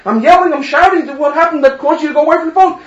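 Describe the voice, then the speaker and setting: A man puts on an exasperated young groom-to-be who scolds in a sharp, raised voice. The voice sits high and sounds roomy and distant. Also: sing-song, a little fast, highs cut off, exaggerated voice. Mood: indignant. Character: indignant young male fiancé.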